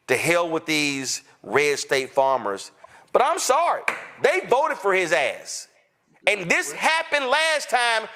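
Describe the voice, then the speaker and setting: A man's voice: high-pitched, sharp tone. A man hosting a political commentary show, talking in a fiery, sarcastic way with mocking asides. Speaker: host.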